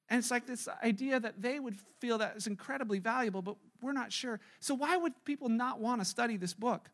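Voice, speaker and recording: High-voiced man preaching conversationally. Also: brisk, few pauses, fairly bright tone. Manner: conversational, acts out quoted voices. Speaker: pastor. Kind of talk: sermon.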